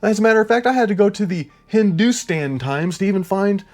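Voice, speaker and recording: A man giving heated political commentary on his channel, yelling, blunt and profane, repeating himself as he rants. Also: high-pitched, expressive, brisk.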